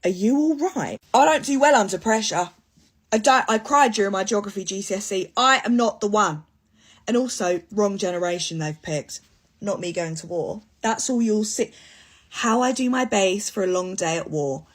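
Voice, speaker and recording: A woman's voice: mid-range voice, lively intonation, normal speed. A young woman doing a sarcastic, dramatic comic monologue for social media. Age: young adult.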